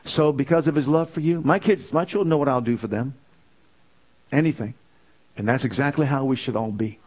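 A man preaching a sermon, firing off rhetorical questions and swinging from fervent exclamations down to low, quiet lines. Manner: rising to fervent exclamations, then dropping low; asks the audience rapid rhetorical questions.

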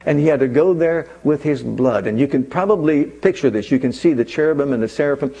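A man preaching a sermon, swinging from hushed, low asides to soaring, fervent scripture recitals. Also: a little fast, gravelly, breathy edge, lo-fi sound, soft background music. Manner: chants scripture with rising fervor.

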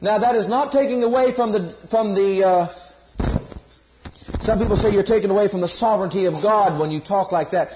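Male preacher, high-pitched, emphatic sermon delivery with repeated refrains, muffled lo-fi recording. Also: brisk, slight background noise. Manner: emphatic, repeats key phrases, leads congregation call-and-response.

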